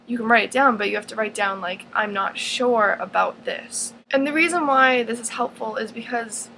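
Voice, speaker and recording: A woman's voice: on the high side, fairly quick, bright, forceful tone, slight background noise, poor audio. A teenage girl in her own advice vlog, talking earnestly and rambling, with lots of fillers and restarts. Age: teens. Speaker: vlogger.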